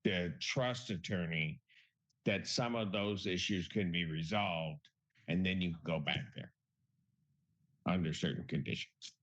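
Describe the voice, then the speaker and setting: Deep-voiced male judge, measured explainer, muffled courtroom audio. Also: fairly bright tone. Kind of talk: courtroom hearing.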